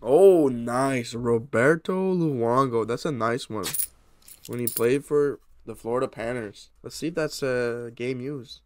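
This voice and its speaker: Speaking at a measured pace in a mid-range voice, this card-opening YouTuber gives casual commentary while tearing into trading card packs. He's an excited, talkative young man who addresses his viewers directly.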